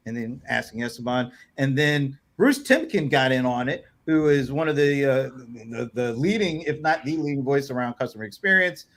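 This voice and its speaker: A man's voice: medium pitch, normal speed, a bit bright. A man hosting a casual livestream chat over a video call, rambling with many fillers and chuckles. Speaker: host.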